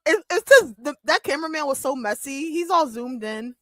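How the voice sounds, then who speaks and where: A young woman hosting a live watch-along stream, giving excitable reaction commentary with squeals and bursts of laughter. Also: high-pitched, moderate pace, dry recording, soft background music. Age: young adult. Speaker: livestream watch-along host.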